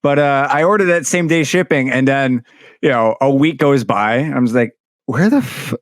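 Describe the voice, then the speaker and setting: A man's voice: medium pitch, normal speed, no echo, clean studio sound. A man co-hosting a podcast, telling a rambling, self-deprecating story in casual chat. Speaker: podcast co-host.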